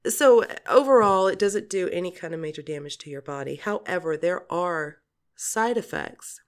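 A woman's voice: on the low side, expressive, normal speed. A woman in her forties hosting a podcast, talking in a chatty, rambling monologue, laughing often and swearing casually. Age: 40s. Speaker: podcast host.

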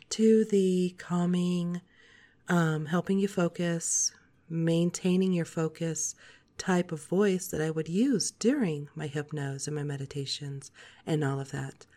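A woman in her forties hosting a podcast, talking in a soft, calm, steady monologue. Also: low-pitched. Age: 40s. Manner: soft, calm, slow-paced delivery. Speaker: podcast host.

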